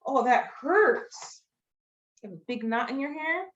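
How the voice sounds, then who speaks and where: A woman's voice: sits high, lively intonation, a little slow. A woman librarian reading picture books aloud to children over a video call, exclaiming and gasping as she goes. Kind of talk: children's storytime read-aloud. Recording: dull lo-fi video call audio.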